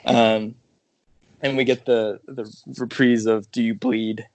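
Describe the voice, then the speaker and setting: Gravelly low-voiced dude recapping movie scenes, dry close sound. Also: male voice, slow pace, dry recording. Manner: recaps scenes, relaxed, laughs. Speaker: podcast co-host. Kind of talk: casual film review chat.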